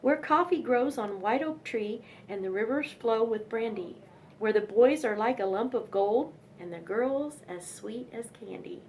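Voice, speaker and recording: A woman's voice: on the high side, animated, measured pace, a little mellow, slight background noise. A young woman reading nursery rhymes aloud in a sing-song manner, with chatty asides between poems.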